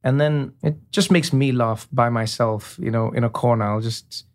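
A man, a comedian talking as a guest in a casual interview, animated and quick to slip into imitations. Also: mid-range voice. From South Africa. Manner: animated storyteller, slips into imitations.

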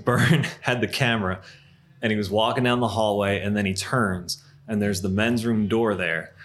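A man in his thirties chatting casually, telling old stories with lively acted-out quotes and frequent laughter. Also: on the low side. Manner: animated storyteller, acts out quoted lines, laughs often. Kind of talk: casual chat.

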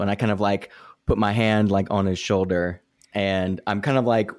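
A man playing a tabletop game, thinking out loud and hesitant as he plans. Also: fairly low pitch, steady tone, moderate pace. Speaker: player.

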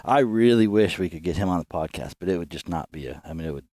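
A man hosting a podcast in casual chat, halting and repeating words, laughing often. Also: deep voice, animated, a little mellow, no room sound, clean studio sound. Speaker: podcast host.

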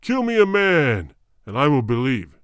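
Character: haughty old tribal king read by a man, low, loud and commanding, dry close voice. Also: big pitch swings, clear, resonant tone, no room sound. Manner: slow, commanding and disdainful. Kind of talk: audiobook character voice.

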